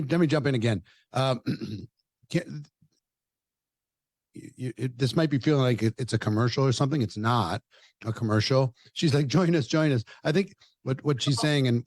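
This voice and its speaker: A man's voice: medium pitch, darkish tone, no room sound. Instructive man, dry close sound. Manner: instructive, halting restarts. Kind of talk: coaching explanation.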